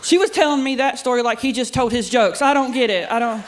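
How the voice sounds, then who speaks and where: A woman's voice: fairly high pitch, quick pace, a little hiss or hum. A middle-aged woman doing a stand-up comedy set, sassy and self-deprecating, chatting with the crowd. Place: comedy club studio with live audience.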